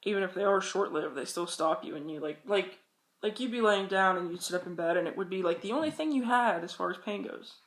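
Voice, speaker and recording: A woman's voice: medium pitch, animated, fairly quick. A young woman vlogging casual advice, rambling and chatty and swearing freely. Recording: echoey room.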